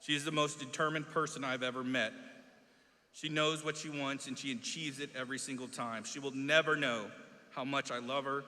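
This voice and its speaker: A man's voice: mid-range voice, fairly even intonation, fairly quick, sharp tone. A male teacher and coach giving a heartfelt introduction speech at a graduation, fighting tears. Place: large hall. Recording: echoey hall.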